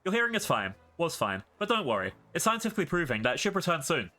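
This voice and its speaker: A man's voice: on the high side, big pitch swings, fast, pushed and bright, faint music behind. A man voicing an eccentric female scientist who is curious, blunt and matter-of-fact, reading game dialogue aloud. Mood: clinical.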